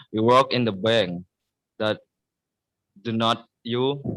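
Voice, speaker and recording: Slow young Indonesian man presenting. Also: medium pitch, a bit bright, no room sound, rough recording. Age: young adult. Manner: slow, reads examples out. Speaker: student presenter. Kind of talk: class presentation.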